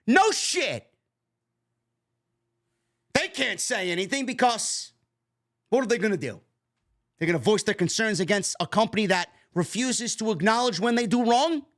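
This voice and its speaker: A man's voice: lively intonation, normal speed, long pauses, fairly bright tone. A man hosting a wrestling commentary stream, ranting with heavy profanity and mocking, exasperated sarcasm. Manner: mimics others in high sarcastic voices.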